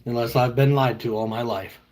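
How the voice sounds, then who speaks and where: A man's voice: medium pitch, steady tone, fairly quick, darkish tone. A man in his thirties chatting casually with viewers on a livestream, rambling and joking as he answers their questions. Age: 30s.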